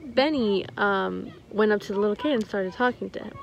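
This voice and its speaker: Young woman, playful halting storyteller, lo-fi recording, faint hum. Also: medium pitch, gravelly. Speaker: co-host telling a story. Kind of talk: improvised storytelling chat.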